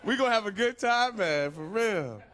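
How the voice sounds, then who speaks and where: A man's voice: high-pitched, lively intonation, normal speed, fairly bright tone. A man doing a stand-up comedy set on a club stage, playful and punchy, drawing out his punchlines. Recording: live club crowd and noise.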